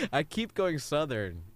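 A man co-hosting a casual comedy chat, breaking off into quick, laughing asides. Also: mid-range voice, dry recording.

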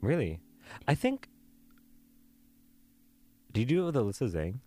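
A young man in casual chat, co-hosting and picking songs, playful and animated. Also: mid-range voice, a little slow, faint music behind. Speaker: co-host playing music.

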